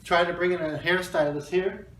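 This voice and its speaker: Casual guy host, joking around and rambling, sounds a few feet off the mic in a roomy space with some faint hiss. middle pitched, easygoing. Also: fairly even intonation, moderate pace, a bit bright. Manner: joking, rambling, laughs often. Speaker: talk show host. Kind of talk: casual livestream chat. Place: arts center room. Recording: echoey room, mic at a distance, faint noise.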